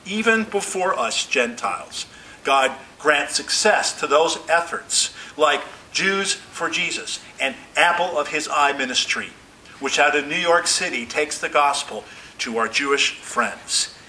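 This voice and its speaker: Bright-voiced man preaching a sermon. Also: a little high, expressive, a little slow, a little hiss or hum, rough recording. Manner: earnest preaching, voicing quoted pleas with rising intensity. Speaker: pastor.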